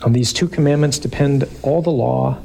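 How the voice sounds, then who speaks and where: A man preaching to a live congregation, reading scripture slowly and with emphasis, then breaking into quick, joking asides. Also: mid-range voice, vocal fry, warm tone, a little hiss or hum.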